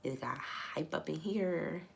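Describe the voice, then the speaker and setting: A young woman hosting a casual live chat with her viewers, animated and laughing often, her voice slightly hoarse. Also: low voice, slow, slight background noise. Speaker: live stream host and coach.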